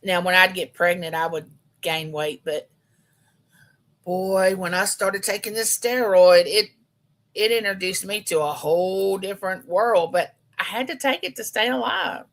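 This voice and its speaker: A woman's voice: mid-range voice, measured pace, fairly bright tone. A woman, chatting homily and directly with viewers on a casual live stream. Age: 50s. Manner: chatty, homey, talks straight to her viewers.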